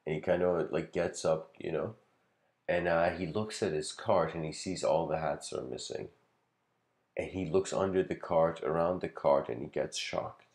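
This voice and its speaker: A man's voice: rumbling low, moderate pace, darkish tone. A man giving a casual lecture, telling a story in a rambling way with lots of filler words and frequent chuckles.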